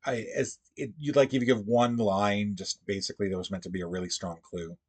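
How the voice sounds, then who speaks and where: Casting: low, husky male stream host, halting, musing, talks to chat. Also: steady tone, darkish tone. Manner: thinks aloud, halting and musing. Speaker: livestream puzzle host. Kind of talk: casual livestream chat.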